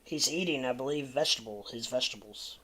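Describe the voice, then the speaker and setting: A man's voice: medium pitch, fast talker, sharp tone. A man hosting a livestream in a loose, laughing casual chat, thanking viewers as he goes. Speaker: livestream host.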